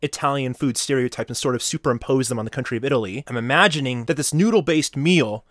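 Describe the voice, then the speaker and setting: A man's voice: mid-range voice, quick pace, fairly bright tone, dry recording, studio quality. A young man vlogging casually, rambling through jokey asides as he browses the web.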